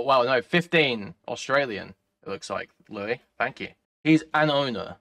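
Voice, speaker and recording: A man's voice: on the high side, a bit bright, a little hiss or hum. A man doing live-stream reaction commentary, ranting and profane with a sardonic edge.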